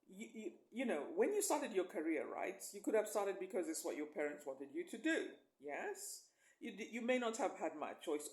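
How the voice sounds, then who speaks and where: Lively, emphatic woman life coach. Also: lowish voice, reverberant. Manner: emphatic, coaxing, often asks "right?". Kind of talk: motivational talk to camera.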